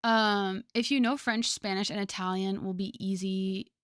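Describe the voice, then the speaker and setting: A woman's voice: mid-range voice, fairly even intonation, moderate pace, smooth, no room sound, studio quality. A young woman streamer chatting casually with her viewers, rambling with lots of fillers and frequent laughter.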